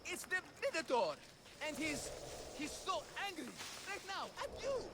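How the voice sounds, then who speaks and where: A man's voice: extremely high pitch, sing-song, a little slow, background noise, heavily acted. A blustering comic father. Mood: taunting. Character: bumbling, boastful father in a bull costume. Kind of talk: game cutscene acting. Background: game score music.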